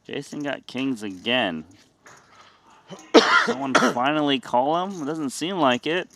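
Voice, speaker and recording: A man's voice: on the high side, sing-song, slow pace, gravelly, background noise. A man from Sacramento commentating a live poker broadcast, playful and teasing as he quizzes his co-host. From Sacramento, California. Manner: playful, teasing, quiz-giving.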